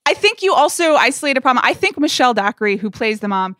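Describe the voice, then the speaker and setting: A woman co-hosting a podcast in casual pop-culture chat, wry and quick with her critiques, close to the microphone. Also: high voice, big pitch swings, fairly bright tone, no echo. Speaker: podcast co-host.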